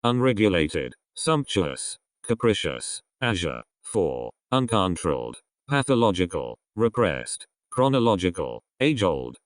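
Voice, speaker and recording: A man's voice: sits low, very animated, measured pace, hardly any pauses, no room sound, clean studio sound. A man reading out an English vocabulary list word by word, each word spoken on its own with a falling list tone. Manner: reads isolated words with falling list intonation. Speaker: vocabulary reader.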